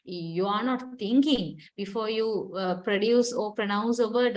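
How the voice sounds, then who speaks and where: A woman's voice: medium pitch, normal speed, few pauses. A woman who is not a native English speaker, lecturing on English linguistics, explaining patiently step by step and repeating words to model them. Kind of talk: recorded university lecture.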